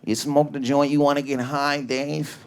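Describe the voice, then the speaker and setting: Guy putting on his burnt-out uncle, slow dreamy drawl, kinda high and floaty. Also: little pitch movement, a little hiss or hum, lightly acted. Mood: dazed. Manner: slow drawling, spacey delivery. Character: spaced-out stoner uncle, rambling, dazed.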